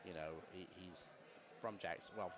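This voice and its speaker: A man's voice: low-pitched, steady tone, measured pace, a crowd in the background. A man commentating a pool match, chatting casually and telling a rambling story full of restarts.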